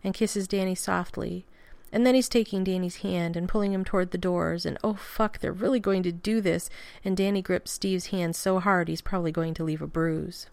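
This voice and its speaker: A woman narrating a fan fiction story aloud at a steady pace with casual swearing. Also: fairly low pitch, normal speed, vocal fry, no room sound.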